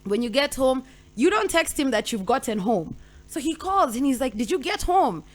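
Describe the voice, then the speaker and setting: A young Kenyan woman hosting a radio talk show, telling a story with lively voices for each side and slipping Swahili slang into her English. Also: high-pitched, moderate pace. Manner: animated storytelling, acting out both partners. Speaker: radio host.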